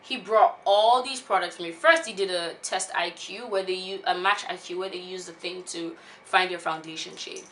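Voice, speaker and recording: A woman in her twenties, a beauty vlogger, telling a personal story in a casual, animated way. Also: on the low side, moderate pace, few pauses, a little hiss or hum. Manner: animated, laughs often while telling.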